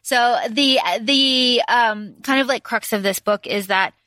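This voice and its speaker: A woman co-hosting a book podcast, recapping the plot in animated casual chat with many fillers. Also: on the high side, unhurried, no room sound. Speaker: podcast co-host.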